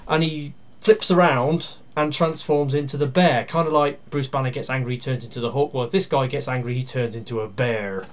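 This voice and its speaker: A man giving a casual toy review. He talks through each step while handling the toy, pausing and using fillers, and grumbles dryly about its flaws. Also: medium pitch. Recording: steady background noise with plastic clicks.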